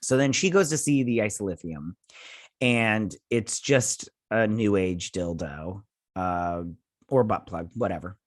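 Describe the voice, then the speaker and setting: A man's voice: on the low side, animated, dry recording, clean studio sound. Rambling man recapping an episode. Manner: rambling, lots of fillers, paraphrases characters in quick mock voices. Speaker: show host. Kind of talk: casual episode recap and review. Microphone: desk mic, close.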